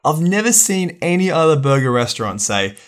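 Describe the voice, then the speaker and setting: A man's voice: fairly high pitch, big pitch swings, fairly quick. A man co-hosting a podcast, telling stories and laughing often in casual banter. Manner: laughs often, chatty storytelling. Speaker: podcast co-host.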